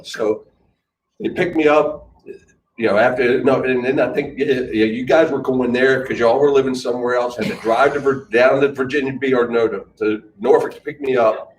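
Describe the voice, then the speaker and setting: A middle-aged man telling a rambling, self-correcting story about his aunt at a memorial in a club hall. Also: medium pitch. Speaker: relative giving a memorial tribute. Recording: distant, echoey hall with faint noise.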